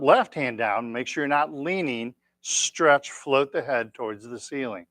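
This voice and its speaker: A man leading a tai chi class, giving calm, encouraging step-by-step cues. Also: mid-range voice, no echo. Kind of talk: guided exercise class.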